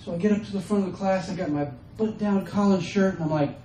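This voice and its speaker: A man performing a stand-up comedy set, acting out his family members in quick bits. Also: high-pitched, warm tone, slight background noise. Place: comedy stage before a live audience. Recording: roomy, distant mic with faint ambience.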